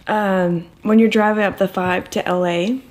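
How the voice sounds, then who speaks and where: A woman's voice: medium pitch, fairly even intonation, measured pace, a little mellow. A young woman co-hosting a casual vlog, teasing her partner playfully with lots of laughter. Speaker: vlog co-host. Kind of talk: casual chat.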